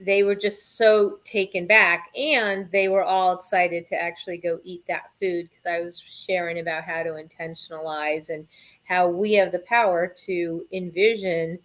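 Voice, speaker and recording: A woman hosting a casual chat, eager and quick to laugh, with plenty of ums. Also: fairly low pitch, fairly even intonation. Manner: enthusiastic, laughs often, many fillers. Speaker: host.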